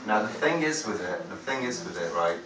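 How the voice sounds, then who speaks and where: A man's voice: on the low side, expressive, brisk, background noise. A man, a singer-songwriter, chatting to the crowd between songs in a rambling, hesitant way, swearing freely, recorded live at a gig from an audience camera. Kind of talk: stage banter between songs. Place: live music venue. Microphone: far-off audience camera. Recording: echoey gig hall from far off.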